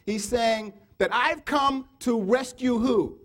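A man preaching a sermon, firing repeated rhetorical questions at the congregation and swinging from loud urging to low murmured asides. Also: slow pace.

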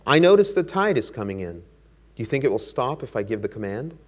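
A man's voice: medium pitch, very animated, brisk, natural voice. A man voicing a proud old king who commands and rebukes his court. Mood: regal, mocking.

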